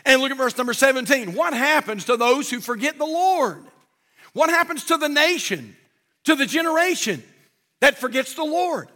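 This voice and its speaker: A man's voice: very high voice, lively intonation, normal speed, pushed and bright, in a large hall. An older man preaching a sermon from a church pulpit, in a folksy, fervent way with many repeats. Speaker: pastor.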